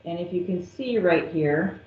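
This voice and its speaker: A woman's voice: fairly low pitch, animated. A woman math teacher working through a calculus problem step by step, patient and methodical. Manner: slow, patient, step-by-step explaining. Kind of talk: recorded calculus lesson. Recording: echoey, dull lo-fi classroom recording.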